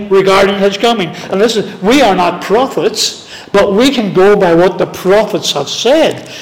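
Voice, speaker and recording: A man teaching a Bible study in sermon style. He reads scripture slowly and deliberately, stressing words one at a time. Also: high-pitched. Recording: long reverb of a large hall.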